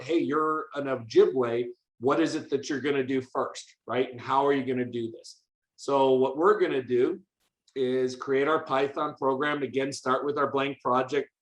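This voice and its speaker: A male teacher walks other teachers through a coding demo in a loose, upbeat way, full of fillers and quick restarts. His voice sits at a middle pitch, and the room adds a noticeable echo around him. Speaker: teacher leading a coding workshop. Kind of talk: casual hands-on teaching demo.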